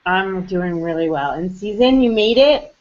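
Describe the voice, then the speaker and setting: A woman's voice: mid-range voice, expressive, a little slow, a little mellow. Cheery woman host on a video call, lo-fi muffled sound. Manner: bubbly, upbeat, laughs easily. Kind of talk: casual chat on a live web show. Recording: dull lo-fi web call audio.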